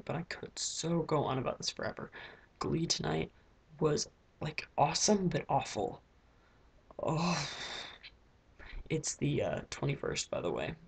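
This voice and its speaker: A woman's voice: sits low, lively intonation, unhurried, gravelly, pauses often, breathy edge. A teenage girl recording a casual video diary in her bedroom, rambling with lots of filler words. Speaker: vlogger.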